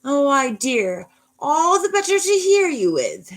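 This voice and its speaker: Woman doing the big bad wolf as a sugary granny. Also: big pitch swings. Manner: high, slow, sugary granny voice. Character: big bad wolf disguised as a sweet old grandmother.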